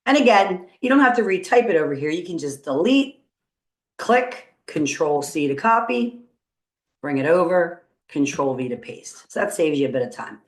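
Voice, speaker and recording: A woman's voice: on the low side, very animated, normal speed. Upbeat woman teaching in an echoey room. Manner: upbeat, encouraging, thinking aloud. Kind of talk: screen-recorded coding tutorial. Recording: roomy echo.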